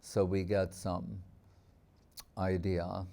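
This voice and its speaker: A man giving a devotional talk, telling stories in a reflective way and slowing down on key words. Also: low voice, flat delivery, vocal fry, mellow. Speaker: spiritual teacher.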